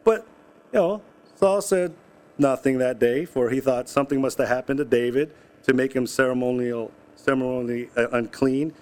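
A man's voice: mid-range voice, moderate pace. A man preaching a sermon, reading scripture and explaining it in a casual, conversational way with asides and jokes. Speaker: pastor.

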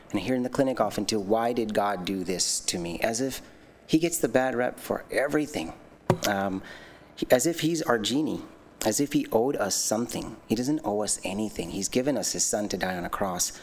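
A man's voice: fairly low pitch, a little hiss or hum. Earnest man giving a church testimony. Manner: earnest, animated storytelling with laughs and many restarts. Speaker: lay speaker giving a testimony. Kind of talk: personal testimony sermon.

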